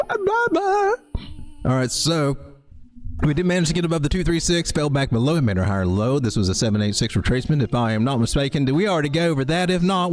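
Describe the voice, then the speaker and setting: Southern man, crypto streamer, cranky late-night ranter, lively voice, soft music underneath. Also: on the high side. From American South. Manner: rambling, joking, animated and swearing. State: cranky and tired from driving. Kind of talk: late-night ranting market livestream.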